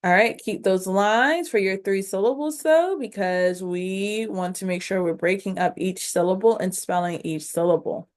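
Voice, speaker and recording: A woman teaching a phonics lesson on video, speaking directly to her learners, sounding out each syllable and encouraging them along. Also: medium pitch. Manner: slow, instructive, sounding out syllables.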